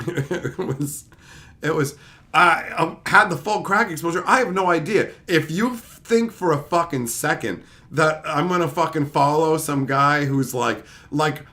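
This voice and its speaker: A man's voice: a little high, pushed and bright. A tired man, short on sleep, telling a rambling story in a casual, profane way, with laughing asides. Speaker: channel host.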